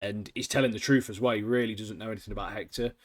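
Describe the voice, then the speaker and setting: Animated man chatting casually. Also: on the low side, racing. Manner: animated, laughing often, slangy and swearing. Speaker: podcast co-host. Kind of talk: casual chat reviewing TV shows.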